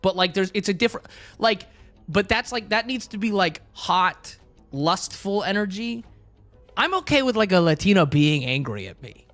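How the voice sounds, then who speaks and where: A young man with a high voice, chatting loosely on a livestream. He rambles, jokes and answers his chat, full of filler words. Faint music plays behind him. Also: lively intonation, moderate pace, fairly bright tone. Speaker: streamer. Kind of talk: casual stream chat.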